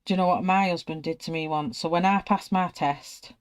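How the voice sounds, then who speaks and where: A British woman chatting casually and telling lively anecdotes while she colours an illustration. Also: on the low side, fairly quick, smooth. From United Kingdom. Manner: chatty, animated anecdotes, acts out her own panicked voice. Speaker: art channel host.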